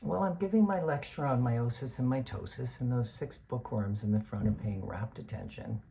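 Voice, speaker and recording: A man's voice: medium pitch, normal speed, gravelly, dark tone. Exasperated man telling a story. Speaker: college lecturer. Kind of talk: dramatic comic monologue.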